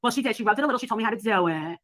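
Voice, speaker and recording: Brash woman livestreamer, rapid-fire talk, bright tone, swears freely, dry close sound. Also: fairly high pitch, animated, no echo. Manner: brash, profane, laughing storyteller. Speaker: livestream host. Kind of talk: casual livestream chat.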